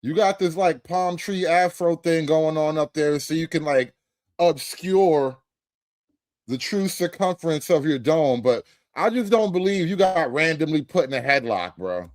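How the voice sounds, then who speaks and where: A male host delivers sarcastic, dismissive reaction commentary full of slang. His voice is fairly high and swings widely in pitch, and the sound is close and dry. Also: lively intonation, a little slow, no room sound.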